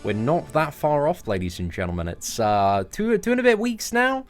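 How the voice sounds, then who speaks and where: A young man casually commentating his mobile game live, chatty and jokey, thanking viewers as he plays. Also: moderate pace. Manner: chatty, jokey, lively pitch jumps when excited. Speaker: gaming livestream host. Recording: faint music behind.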